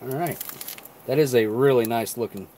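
A man's voice: mid-range voice, moderate pace, a little hiss or hum. A man casually reviewing rations on a live stream, thinking aloud between bites. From not Canadian. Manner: relaxed, thinking aloud while eating and chewing. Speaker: food reviewer.

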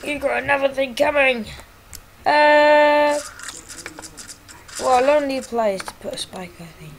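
A woman commentating on her own gameplay, excitable and jokey, quick to yelp and exclaim. Her pace is slow and her pitch sits in the middle of the range. A faint hiss runs under the recording. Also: low-quality recording. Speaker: gaming YouTuber.

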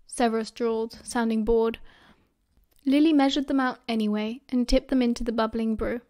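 A woman's voice: a little high, fairly even intonation, normal speed, warm tone. British woman reading an audiobook. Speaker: audiobook reader. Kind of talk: audiobook narration.

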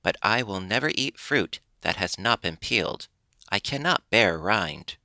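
A man's voice: lowish voice, expressive, a little slow, gravelly, pushed and bright, no room sound, exaggerated voice. A man voicing a fretful, greedy wooden puppet boy who wails and complains in a raised, strained voice. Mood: stubborn. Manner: wailing, fretful.

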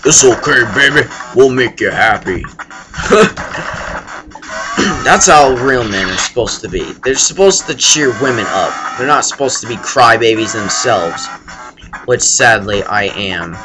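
Young man, slow rambling game commentary, lively pitch, crude jokes and sudden yelps, loud game music behind. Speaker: let's play gamer.

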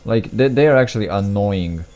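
A man's voice: fairly low pitch, expressive, normal speed, darkish tone. A young man giving casual gameplay commentary, mumbling, restarting his sentences and putting himself down. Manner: mumbly, self-deprecating, frequent restarts and asides. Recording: faint game music behind.

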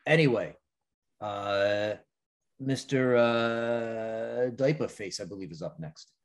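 A man's voice: lowish voice, slow pace, clear, resonant tone. A man playing in a tabletop game, casual and self-deprecating. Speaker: player.

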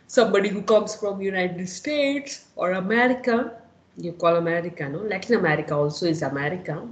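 Woman teaching in an echoey room. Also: fairly low pitch. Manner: explains step by step, often checks with "no?" and "okay?". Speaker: Spanish teacher. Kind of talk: online lecture.

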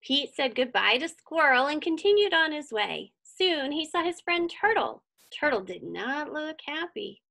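A woman reading a picture book aloud to children, animated and stopping to ask them questions. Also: sits high, unhurried, creaky, hardly any pauses. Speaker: children's story reader.

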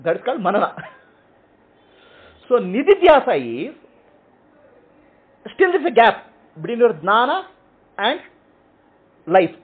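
Brief: male teacher, high lively voice, husky, checks "okay?" often. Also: measured pace, pauses often. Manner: explains in short repeated phrases, checking with "okay?". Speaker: spiritual teacher. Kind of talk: teaching answering questions. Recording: tinny phone-like audio.

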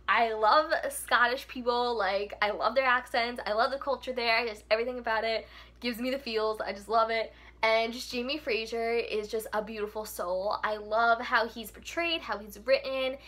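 Young woman book vlogger, bright and fairly high voice, effusive casual chatter. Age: young adult. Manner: gushing, with many "like" fillers. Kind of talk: casual chat.

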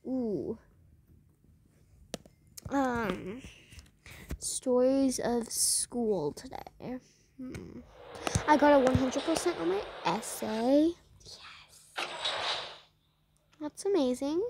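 A woman's voice: sits high, animated, very slow, long pauses, a little mellow, a little hiss or hum. A young woman giving casual, rambling commentary while playing a game, talking to the game and her viewers. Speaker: gameplay vlogger.

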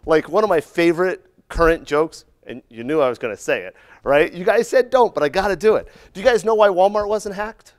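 A middle-aged man speaks at a conference in a slightly higher register than most men. His delivery is loose and conversational, full of jokes and asides. He keeps checking in with the room with a quick "right?". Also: lively intonation. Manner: joking, conversational, often adds "right?". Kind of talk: humorous conference talk.

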